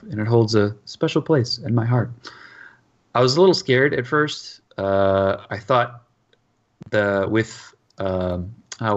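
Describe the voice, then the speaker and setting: Hesitant male podcast co-host, lowish voice, dull lo-fi recording. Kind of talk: casual chat.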